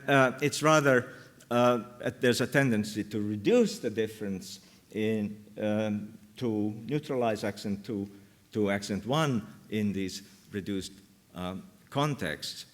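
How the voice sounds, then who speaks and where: A man giving an academic linguistics talk at a workshop, speaking with many ums and pauses. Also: on the low side. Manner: slow, many ums and uhs, pauses mid-phrase. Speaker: linguistics lecturer. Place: lecture hall.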